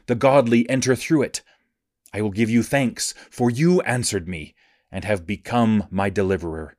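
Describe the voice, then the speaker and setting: Low-voiced man reading scripture, dry sound. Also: darkish tone, dry recording. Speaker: scripture reader.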